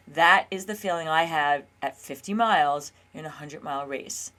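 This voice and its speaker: Earnest woman coaching in a lowish voice. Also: moderate pace, a bit bright. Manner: earnest, coaching, acts out her own inner dialogue. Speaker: health and weight loss coach, show host. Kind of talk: casual solo talk to camera.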